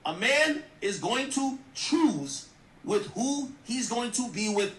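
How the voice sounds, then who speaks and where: A man's voice: very high voice, animated, slow pace, a bit bright, roomy sound, far from the mic. A man giving blunt, profane, mocking commentary in a rant. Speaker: streamer commentator. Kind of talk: ranting commentary.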